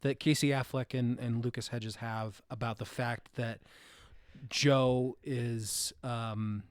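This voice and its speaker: A man's voice: medium pitch, fairly even intonation, slow, clean tone, dry recording, studio quality. A man co-hosting a film podcast in casual chat, blunt and profane, often restarting his sentences. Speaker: podcast co-host.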